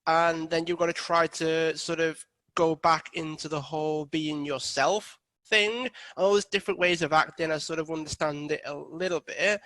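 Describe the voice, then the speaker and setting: A man with a fairly high, bright voice hosts an interview. He asks long questions hesitantly, searching for words with plenty of fillers, in a close, dry recording. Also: dry recording, poor audio. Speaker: podcast host.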